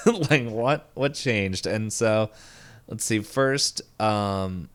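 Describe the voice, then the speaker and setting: A man casually recapping a cartoon episode on a podcast, rambling with fillers. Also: lowish voice. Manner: rambling, lots of fillers, acts out characters' lines in quick voices. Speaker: podcast co-host.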